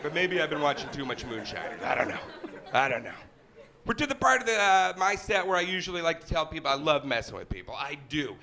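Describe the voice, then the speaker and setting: A man's voice: on the high side, very animated, fast talker, background noise. A man, a stand-up comedian, telling jokes in a sarcastic, playful style.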